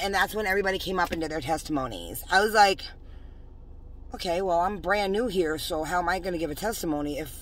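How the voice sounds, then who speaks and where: A woman's voice: mid-range voice, fairly bright tone, a little hiss or hum. A woman telling a story in a vlog. She is fervently religious, agitated and rambling, and uses many fillers. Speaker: religious vlogger.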